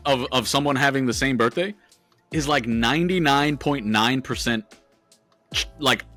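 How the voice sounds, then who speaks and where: A man co-hosting a podcast, chatting casually with a bright, forceful voice. He talks loosely, swears freely and laughs often. Faint music sits behind him. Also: medium pitch. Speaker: podcast co-host.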